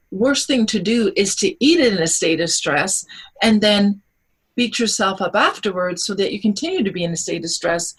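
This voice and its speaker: A woman, a holistic nutritionist, explaining things in an animated way on a radio interview. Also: medium pitch, normal speed, husky, poor audio. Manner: animated, explanatory, acts out quotes.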